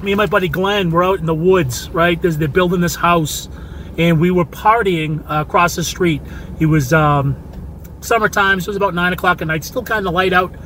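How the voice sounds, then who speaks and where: Man, high voice, rambling profane anecdote, faint outdoor traffic behind. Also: moderate pace, fairly bright tone. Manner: rambling, profane, many fillers. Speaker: listener sending a voice message. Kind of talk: casual crude storytelling.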